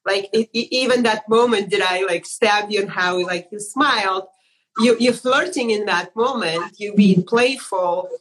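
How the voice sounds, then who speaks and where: A woman at a middle pitch hosts a conversation, warmly affirming what her guest has said. She thinks aloud as she talks, restarting her sentences and circling back to a point. Her delivery is loose and conversational. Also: measured pace, low-quality recording. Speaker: host. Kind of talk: interview conversation.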